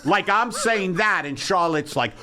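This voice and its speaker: A man in his sixties with a New York accent, hosting a comedy podcast in a ranting style that swings into shouting. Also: sits high, expressive, a little slow. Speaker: podcast host. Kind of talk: comedic rant.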